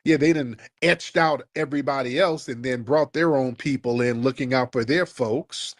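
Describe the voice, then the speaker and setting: A man's voice: medium pitch, moderate pace, dry recording, studio quality. A man hosting a call-in show, ranting in a mocking, heated way at a caller. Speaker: host.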